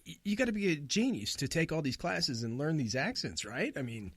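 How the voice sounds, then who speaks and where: A man's voice: fairly high pitch, big pitch swings, brisk, fairly bright tone, husky, dry recording. A man co-hosting a radio show, chatting casually and enthusiastically with a guest. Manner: enthusiastic, laughing often.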